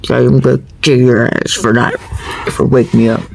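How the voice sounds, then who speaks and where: A man's voice: medium pitch, flat delivery, moderate pace, vocal fry, noisy background, close to an everyday voice. A man voicing a grumpy, lazy fat cat. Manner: grumbling, complaining and threatening. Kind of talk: home video voicing a pet.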